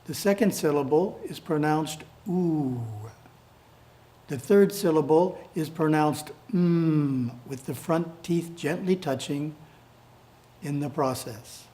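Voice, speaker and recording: A man reading his editorial aloud as calm, measured spiritual instruction. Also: on the high side.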